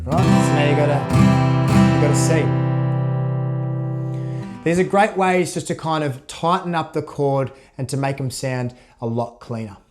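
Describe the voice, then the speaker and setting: Relaxed man teaching guitar. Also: fairly high pitch. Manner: relaxed, demonstrates while playing, counts beats aloud. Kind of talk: casual instructional talk. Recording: loud guitar under voice. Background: guitar playing.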